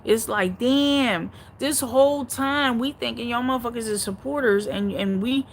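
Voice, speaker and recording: A woman hosting a casual stream goes through viewer comments out loud at a normal pace, answering them bluntly and with plenty of swearing. She alternates between muttering under her breath and loud outbursts, and the rough audio carries slight background noise.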